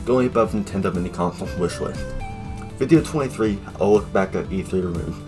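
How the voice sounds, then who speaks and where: Low-voiced man with sarcastic asides. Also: animated, brisk, faint music behind. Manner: offhand and sarcastic, with joking asides. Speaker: YouTube reviewer. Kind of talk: casual video review narration.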